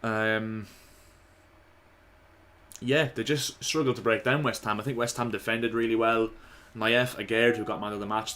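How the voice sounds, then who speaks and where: A man giving casual, opinionated football commentary to his viewers, slightly hoarse. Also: on the low side, a bit bright. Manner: chatty, opinionated, addresses viewers as lads. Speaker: football vlogger.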